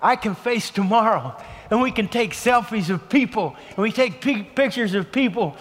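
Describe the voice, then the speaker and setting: A man's voice: high voice, lively intonation, moderate pace. Man preaching in a reverberant hall. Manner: earnest storytelling, softening to a hushed emotional delivery. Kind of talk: sermon with personal story.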